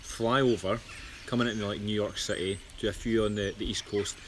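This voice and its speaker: A Scottish man in his thirties banters easily with his co-host on a live stream. His voice sits on the low side and stays relaxed. Faint background hiss runs under it. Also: normal speed. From Scotland. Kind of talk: casual live-stream chat.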